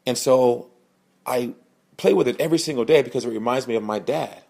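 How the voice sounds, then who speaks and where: A man's voice: brisk, creaky. Earnest man telling a personal story. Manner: earnest, animated, acts out quoted voices with raised pitch. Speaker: podcast host, sales speaker.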